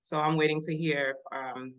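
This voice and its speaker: A woman's voice: sits low, fairly even intonation, moderate pace, fairly bright tone, lo-fi sound. A woman co-hosting a casual podcast over a video call, speaking in a heartfelt way with many "you know"s. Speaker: podcast co-host.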